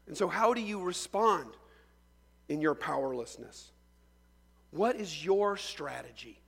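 Man, pastor, sermon; raised pitch, gravelly edge, lively storyteller asking the room questions, long hall reverb. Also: a little slow. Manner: animated storytelling with rhetorical questions.

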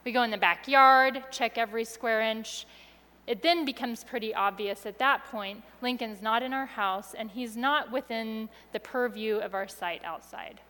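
A woman telling a personal story to an audience with expressive delivery, going soft and quiet at the tense moments. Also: on the high side, normal speed, in a large hall.

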